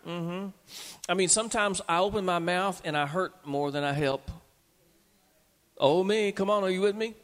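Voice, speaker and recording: A man preaching a sermon to his church, rising to loud emphatic peaks. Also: high-pitched, moderate pace, pauses often. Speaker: pastor. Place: church sanctuary. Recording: long reverb of a church hall.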